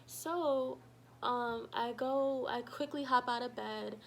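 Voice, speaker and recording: A woman telling a personal story in a casual vlog, animated and full of fillers, acting out what people said. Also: high-pitched, moderate pace, gravelly, narrow, tinny audio, heavy background noise. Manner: animated, shouts quoted lines, many fillers. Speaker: storytime vlogger.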